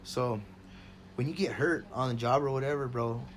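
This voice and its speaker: A man's voice: mid-range voice, normal speed. Profane storytelling man, says bro constantly. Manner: excited, loud storytelling. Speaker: podcast co-host. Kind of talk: casual storytelling chat. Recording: faint background noise.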